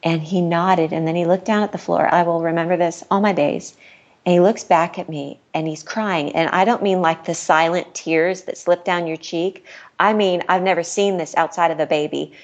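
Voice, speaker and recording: Earnest woman with a lowish voice. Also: fairly even intonation, normal speed, dull audio. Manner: earnest, candid, laughs often while telling a story. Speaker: podcast guest. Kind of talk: personal storytelling in casual chat.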